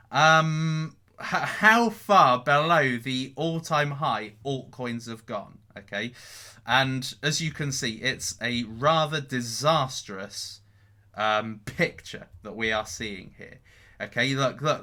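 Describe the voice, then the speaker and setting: A man talking straight to camera in a bright, sharp, fairly high voice that leaps up and down constantly. He sounds animated and emphatic, punching his points home and tacking "okay?" onto the end of them. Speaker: crypto vlogger. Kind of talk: casual market commentary to camera. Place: indoors in front of a green screen.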